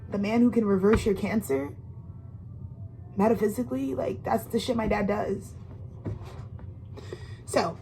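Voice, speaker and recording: A woman's voice: on the high side, a little mellow, rough recording. Rambling woman giving a tarot reading. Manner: rambling, emphatic and profane, with frequent restarts; slangy, intimate direct address to the listener. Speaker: tarot reader. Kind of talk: casual tarot reading monologue.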